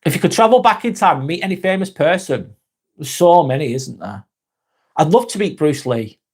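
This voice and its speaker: A man's voice: fairly high pitch, animated, moderate pace, husky. A man, hosting a casual live stream, chatting to viewers by name, laid-back and swearing freely. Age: 40s.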